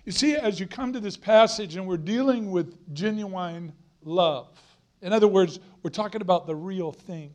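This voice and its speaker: Male guest preacher, middle-aged, fairly high voice, earnest emphatic sermon delivery with repeated lines. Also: moderate pace.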